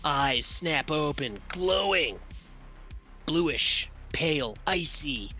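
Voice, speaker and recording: Here is a man narrating a tabletop game as its game master, his voice fairly high and bright. He tells the scene in a loose, profane and vivid way, dropping in "like" and "you know" as he goes. Soft music plays behind him. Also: lively intonation, extremely slow. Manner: casual, profane, vivid storytelling; lots of fillers, like and you know.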